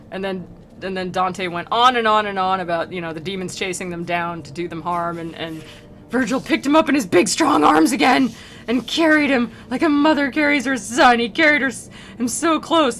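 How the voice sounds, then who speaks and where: Giggling and full of "likes," a young woman with a fairly high, bright voice chats comically about a classic poem on her home stream, performing characters in silly voices. Slight background noise is audible.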